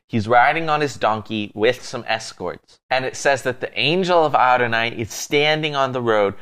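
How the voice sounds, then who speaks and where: Male co-host, casual Bible storytelling, animated, easygoing delivery. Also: mid-range voice, clean tone. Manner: lively, amused storyteller.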